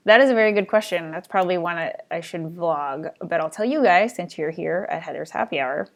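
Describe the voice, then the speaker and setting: A woman's voice: fairly low pitch, normal speed. A young adult woman hosting her own live show, chatting casually and rambling as she answers viewer questions. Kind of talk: casual live-stream chat.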